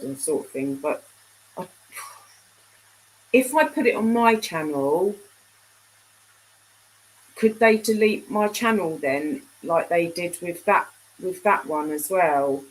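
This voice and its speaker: A woman's voice: on the low side, slow pace, long pauses, rough recording. A middle-aged woman chatting casually with viewers on a live stream, rambling and trailing off mid-sentence. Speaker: livestream host.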